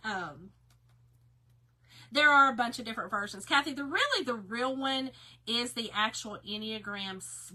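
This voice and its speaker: A woman with a Southern US accent hosting a live craft tutorial, chatting warmly with viewers and reading their comments aloud. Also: medium pitch. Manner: chatty and bubbly, reads viewer comments aloud, says y'all and girl. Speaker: craft host.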